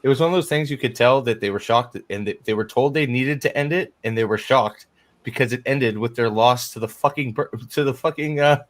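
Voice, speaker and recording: A middle-aged man from California chatting casually as a streamer and podcast host, excitable and profane, rambling with many restarts. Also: medium pitch, brisk. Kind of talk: casual chat.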